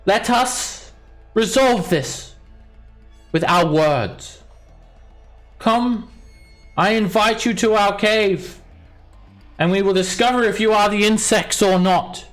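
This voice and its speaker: A man voicing a huge, protective giant mother who speaks slowly and calls the heroes insects. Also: faint music behind. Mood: commanding. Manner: booming and slow, calls others insects.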